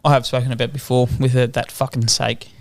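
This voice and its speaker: Man, thirties, podcast co-host, casual storytelling, laughs a lot, middle pitch. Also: flat delivery, fast, vocal fry. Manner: laughs often, tells stories of his toddler. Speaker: teacher and father. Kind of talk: casual chat.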